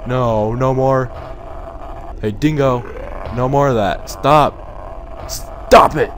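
A young man narrates his horror game run in an easy, drawn-out way, mid-pitched and casual. He mocks the scares, swears freely and chats to the monsters. A light noise floor sits under the voice. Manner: jokey, swears a lot, talks to game figures. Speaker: gaming YouTuber. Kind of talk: horror game let's play commentary.

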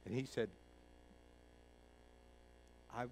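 A middle-aged male pastor from Kentucky preaching a sermon, telling a personal story in a folksy way, acting out the voices of others and moving between hushed and loud. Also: mid-range voice, moderate pace, a little hiss or hum, poor audio.

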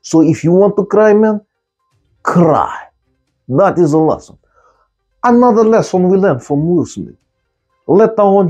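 Brief: man, high-pitched and husky, mellow tone, comic broken-English monologue, repeats key words, faint music behind. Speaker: comic commentator.

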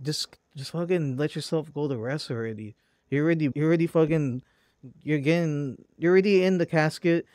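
A man's voice: a little high, darkish tone, no echo. Dry, blunt, profane man ranting. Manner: blunt, profane, repeats "bro". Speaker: podcast host. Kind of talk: heated podcast rant.

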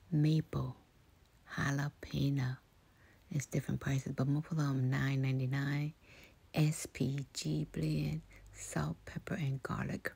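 A woman hosting a soft-spoken ASMR walkthrough of a big store, half-whispering product labels, repeating words and making chatty asides to viewers. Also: deep voice, gravelly, slightly rough. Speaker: ASMR channel host. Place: large indoor outdoor-goods store.

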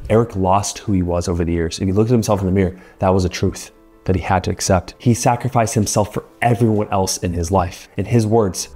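A man's voice: on the low side, dark tone, slightly rough. A man hosting as a marriage coach, giving earnest, assertive advice straight to the viewer.

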